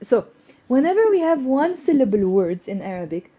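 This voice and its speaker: A woman's voice: sits high, sing-song, warm tone. Chatty woman teaching Arabic live. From Lebanon. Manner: chatty and encouraging, greets viewers, drills words slowly. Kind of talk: live-streamed language lesson. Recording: dull lo-fi stream audio.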